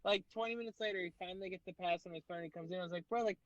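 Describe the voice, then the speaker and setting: A man with a fairly high voice tells rambling, animated stories on a podcast, packed with fillers and curse words. The sound is dull and lo-fi, and the room is dry and close. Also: racing, no room sound. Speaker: guest comedian. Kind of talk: casual storytelling chat.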